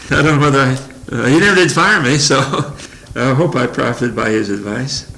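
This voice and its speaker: A man's voice: mid-range voice, gravelly, a bit bright, a little hiss or hum, low-quality recording. An older man giving an informal, folksy Bible study, rambling through verses and chuckling between thoughts. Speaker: Bible teacher.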